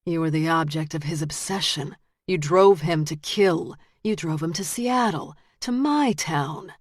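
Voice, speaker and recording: A woman reading the lines of a calm, menacing male detective who turns out to be a killer, in a quiet, flat voice. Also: low voice, unhurried, dry recording, clean studio sound. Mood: cold menace.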